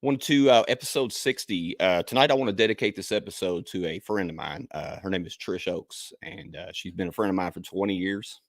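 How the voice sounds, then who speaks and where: A man hosting a podcast, talking in a halting way with many fillers and pauses. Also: low voice, dry recording, studio quality. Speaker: podcast host. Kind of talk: casual podcast chat.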